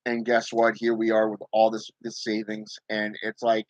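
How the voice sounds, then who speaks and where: A man's voice: fairly low pitch, monotone, normal speed, dry recording, dull audio. A man hosting his own channel, talking casually and emphatically to viewers about spirit work, often checking in with "okay?". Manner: emphatic, repeats "okay?" and "you know". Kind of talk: casual livestream talk.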